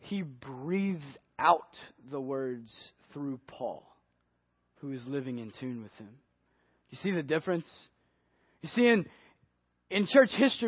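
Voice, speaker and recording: A male pastor preaching a sermon earnestly, swinging between hushed and emphatic delivery. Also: sits high, no room sound. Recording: dry, dull lo-fi audio.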